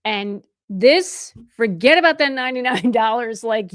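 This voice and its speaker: A woman's voice: a little high, expressive, a little slow, few pauses. A middle-aged woman who is a real estate agent, hosting a livestream Q&A and answering viewer chat in a conversational way, often restarting and correcting herself mid-sentence. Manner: chatty and conversational, with frequent restarts and self-corrections; openly emotional and effusive toward viewers.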